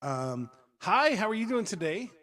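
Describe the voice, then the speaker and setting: A man's voice: sits high, sing-song, a little slow, a bit bright. A man hosting a casual podcast, rambling loosely through stories with lots of fillers and restarts. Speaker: podcast host and rapper.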